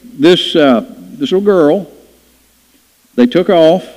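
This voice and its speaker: A man's voice: on the high side, lively intonation, slow pace, darkish tone. A man preaching a sermon, telling folksy stories and acting out voices in them. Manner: folksy storytelling with playful acted-out voices. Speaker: pastor. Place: church sanctuary. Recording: dull lo-fi church hall recording.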